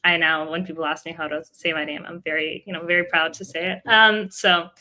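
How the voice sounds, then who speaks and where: A young adult woman, a startup co-founder, telling a story in a casual interview with lively laughs along the way. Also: fairly low pitch, brisk. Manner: animated, laughs often while telling a story.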